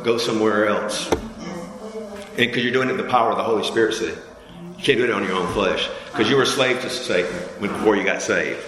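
A man preaches in an easygoing, conversational way and asks the congregation to repeat words back to him. His voice sits at an ordinary pitch and climbs high when he gets fired up. The sound is echoey, with a long hall reverb. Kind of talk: sermon. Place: church hall.

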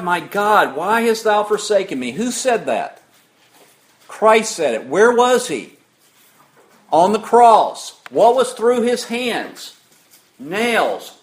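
High, lively-voiced preacher asking questions. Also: male voice. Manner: asks the congregation questions and answers them himself; reads scripture aloud with rising emphasis. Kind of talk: sermon.

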